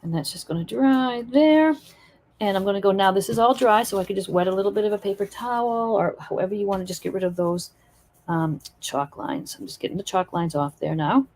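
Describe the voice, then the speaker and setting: A woman's voice: medium pitch, brisk, darkish tone. A woman teaching acrylic painting in a live stream, chatting and encouraging while she works. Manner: chatty, encouraging, thinks aloud while working.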